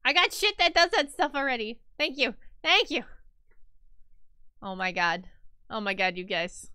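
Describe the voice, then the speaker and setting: An excitable woman streaming a game, chatting casually through her moves. Her voice sits a little high and sounds bright and tense. She swears freely and breaks into yelled outbursts at the game. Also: moderate pace, no echo. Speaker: live streamer. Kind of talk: casual gaming commentary.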